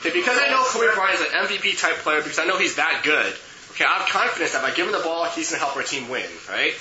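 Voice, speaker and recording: A man leads a youth group lesson in a loose, chatty way, his voice sitting a little high. He keeps checking in with the group as he talks. The recording is muffled and noisy, with plenty of room echo. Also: expressive, very fast. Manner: chatty, checks in with okay and right. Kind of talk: casual teaching to a group.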